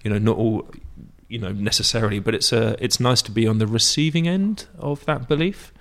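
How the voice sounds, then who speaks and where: A British man with a British English accent talks fast in a casual interview, his low voice carrying a gravelly rasp. He rambles through his stories, often stopping to correct himself mid-thought. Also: a bit bright. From Britain. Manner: rambling, self-correcting storyteller. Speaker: actor guest.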